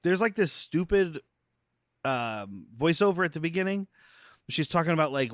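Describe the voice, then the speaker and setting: A man's voice: a little high, moderate pace, no echo, studio quality. A man co-hosting a podcast, casually and wryly recapping a film's plot with his friends. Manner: relaxed, wry recapping of a film plot. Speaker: podcast co-host. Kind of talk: casual chat.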